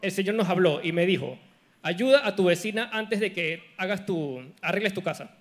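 Male church interpreter, high voice, rattles off each line rapidly. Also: animated. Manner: rapid, echoes the preacher's phrasing. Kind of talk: live sermon interpretation.

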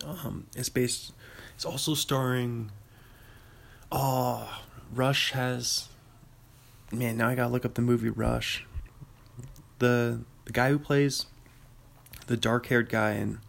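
A man's voice: mid-range voice, gravelly. A man hosting a podcast, rambling about films in casual chat, often correcting himself and chuckling. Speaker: podcast host.

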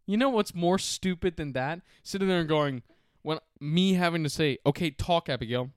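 A man's voice: on the high side, normal speed, clean tone, dry recording, studio quality. Laughing, joking podcast guy. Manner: laughing, jokey, swears freely. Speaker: podcast co-host. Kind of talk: casual chat.

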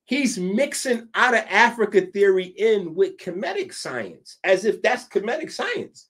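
A man from the Bronx, hosting a podcast and delivering a casual commentary monologue. He is animated and swings between loud and hushed, with frequent asides. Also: high-pitched, unhurried, hardly any pauses. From the Bronx, New York. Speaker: podcast host.

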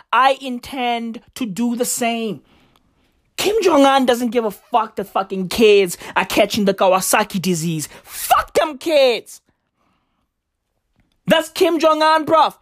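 A woman's voice: a little high, no room sound, clean studio sound. A woman doing a profane, emphatic stand-up comedy rant that is full of slangy asides to the audience.

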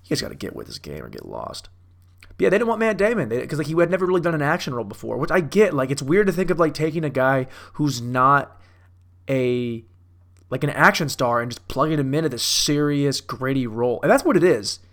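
A man's voice: medium pitch, big pitch swings, fairly quick, vocal fry, fairly bright tone. A young man riffing casually on movies, profane and self-mocking, like a comic doing a bit. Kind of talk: casual rambling commentary.

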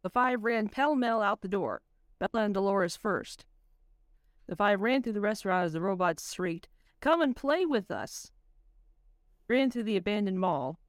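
A woman's voice: medium pitch, moderate pace, clear, resonant tone, no echo. Woman reading a spooky story, dry. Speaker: writer reading her own story. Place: home voice chat. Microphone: computer mic on a voice call.

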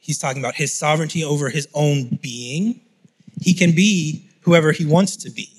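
A man preaching a sermon in a relaxed, explanatory teaching style, reading scripture aloud and unpacking it. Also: fairly high pitch, normal speed, husky. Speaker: pastor.

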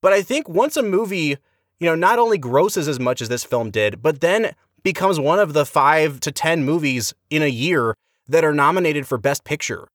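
A man's voice: normal speed, dry recording, clean studio sound. A man co-hosting a podcast, giving an emphatic, exasperated movie review in casual chat. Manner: animated, emphatic, exasperated critique with big pitch swings. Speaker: podcast co-host, film reviewer.

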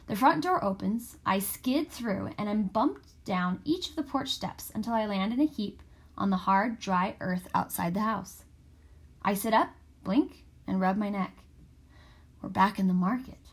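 A woman reading a first-person story aloud in a steady, expressive way. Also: mid-range voice, unhurried, slightly rough. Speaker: audiobook narrator. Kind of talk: scripted first-person narration.

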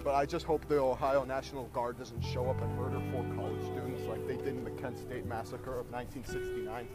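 A man's voice: medium pitch, flat delivery, brisk, loud music behind the voice. A young man co-hosting a casual joking chat, rambling with fillers while walking outdoors. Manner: chatty, rambling, lots of fillers. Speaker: co-host.

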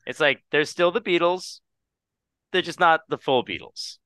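A man's voice: a little high, moderate pace, pushed and bright, smooth, no echo, studio quality. A man hosting a casual podcast chat over a video call, playful and jokey, often stammering and restarting. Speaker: podcast host and musician.

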